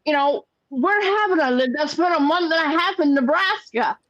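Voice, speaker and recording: A woman's voice: high voice, expressive, normal speed, a bit bright, dry recording, highs cut off. An older woman hosting a casual crochet chat stream, telling rambling stories and repeating words as she goes. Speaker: host of a crochet chat livestream.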